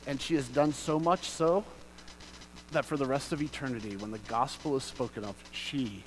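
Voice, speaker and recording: A man preaching a sermon as pastor, reading scripture aloud and explaining it, moving from quiet reading to loud, passionate emphasis. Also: mid-range voice, a little hiss or hum, poor audio.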